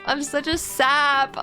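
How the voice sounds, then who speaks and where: Excitable young woman streamer, high voice. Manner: chatty, excitable, giggly, talks to chat. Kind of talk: casual gameplay commentary.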